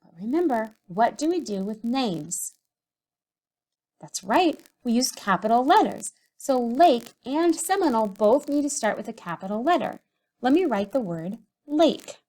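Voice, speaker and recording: A woman teacher giving a recorded writing lesson to young children, speaking slowly and sounding out syllables and letters. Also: on the high side, very animated, dark tone. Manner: slow, sing-song, sounds out syllables and letters.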